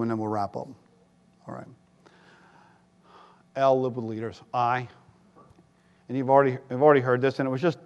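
A man preaching a sermon as pastor, animated, jumping to loud, high quoted voices and dropping into wry asides. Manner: animated, rises to shouts for quoted voices, self-deprecating asides. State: tired.

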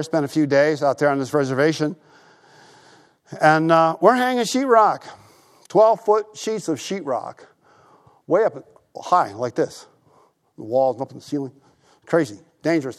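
Guy preaching in church, kinda high voice, talks like he's just chatting, story after story. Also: moderate pace, pauses often. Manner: animated conversational storytelling, repeats phrases. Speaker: pastor. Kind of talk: sermon.

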